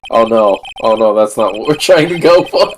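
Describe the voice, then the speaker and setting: A man's voice: mid-range voice, lively intonation, moderate pace, background noise. A man reading game dialogue aloud with theatrical flair in casual gameplay chat.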